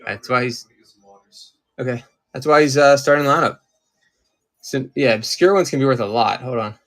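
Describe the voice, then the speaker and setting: A man from Maryland runs a casual live-stream auction of collectibles, chatting with viewers as he sorts through his stock. His voice sits at an average pitch, and he talks in a loose, distracted way, often stopping to look for things. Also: normal speed, fairly bright tone.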